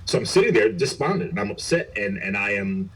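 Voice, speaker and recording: A man's voice: fairly low pitch, sing-song, brisk, fairly bright tone, slightly rough. A middle-aged man, a police chief, telling his story in an interview in an earnest, reflective way with frequent restarts. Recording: voice picked up from a distance.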